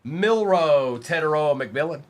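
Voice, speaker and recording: Lively, excitable man streaming card breaks. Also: on the high side, a little slow, a little hiss or hum. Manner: excitable, chatty, calls out player names as he opens packs. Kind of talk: casual live-stream chat.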